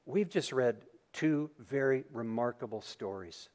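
A man preaching a sermon as pastor in a church, reading scripture and then retelling the story in an animated, dramatic way. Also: medium pitch, measured pace. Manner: animated storytelling, acting out scenes. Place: church sanctuary.

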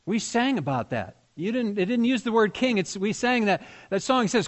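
A man's voice: sits high, expressive, normal speed, hardly any pauses. A man preaching a sermon as pastor, talking conversationally and putting questions to his congregation.

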